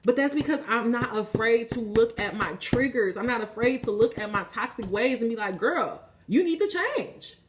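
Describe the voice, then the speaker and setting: A woman's voice: fairly high pitch, fairly quick, hardly any pauses, a little hiss or hum. A woman giving a spiritual tarot reading, talking passionately and casually, swearing freely and preaching to her viewers. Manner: casual, conversational. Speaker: tarot reader.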